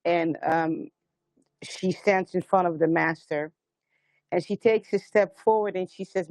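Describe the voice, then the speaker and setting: A woman's voice: on the low side, fairly even intonation, measured pace, a little mellow, no room sound. Earnest woman hosting a spiritual livestream. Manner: earnest, rambling storyteller with many restarts; encouraging, urges listeners to stand strong. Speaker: host of a live sound healing stream.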